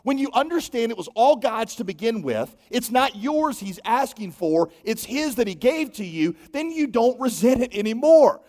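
A man in his thirties preaching a sermon, telling stories with lively acted-out dialogue. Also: extremely high pitch, normal speed, hardly any pauses. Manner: animated storytelling with acted-out dialogue. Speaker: pastor. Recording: long hall reverb.

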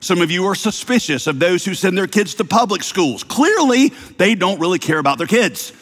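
A male pastor with a light Southern American accent delivers a sermon in a fairly high voice. He preaches conversationally, mixing humor and rhetorical questions. The sound carries the long reverb of a large church hall. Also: big pitch swings, moderate pace, fairly bright tone. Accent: slight Southern American. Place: church sanctuary.

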